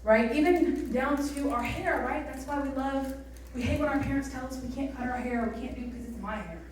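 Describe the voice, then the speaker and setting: A woman with a fairly high voice preaches a youth sermon in a church hall. She tells her story in a chatty, animated way and keeps asking the crowd questions. Her voice echoes heavily, as if picked up from a distance. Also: fairly quick, slight background noise. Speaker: youth pastor. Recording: roomy echo, mic from a distance.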